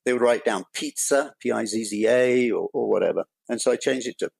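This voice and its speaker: Gravelly older Englishman. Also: mid-range voice, fairly quick, darkish tone, dry recording, rough recording. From England. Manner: dry, self-deprecating humor. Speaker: guest author. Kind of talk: podcast interview.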